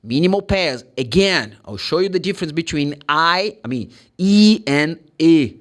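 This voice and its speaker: A Brazilian man with a Brazilian Portuguese accent teaches English pronunciation casually and with animation, acting out short dialogues and spelling words letter by letter. His voice is a little high and his speed normal.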